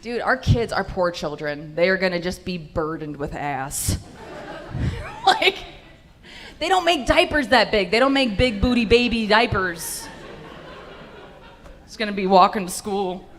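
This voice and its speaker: A woman's voice: mid-range voice, expressive, unhurried, pauses often, fairly bright tone. A young woman doing a stand-up set in a comedy club, brash and profane with punchy delivery into a handheld mic.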